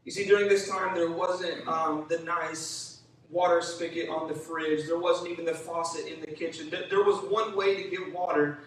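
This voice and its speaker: High-voiced pastor preaching in an echoey hall. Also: male voice, far from the mic. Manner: energetic, calls for congregation responses; acts out voices of biblical figures. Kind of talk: sermon. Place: church sanctuary.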